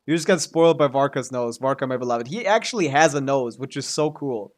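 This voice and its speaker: A man's voice: medium pitch, expressive, brisk. A man streaming a video game, commenting casually in a rambling, joking way and laughing often.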